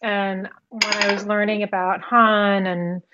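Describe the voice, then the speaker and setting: A woman, a therapist and artist, talking as a podcast guest in a reflective, halting way, thinking aloud with many pauses. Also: mid-range voice, little pitch movement, dull audio, background noise. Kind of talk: casual conversational interview.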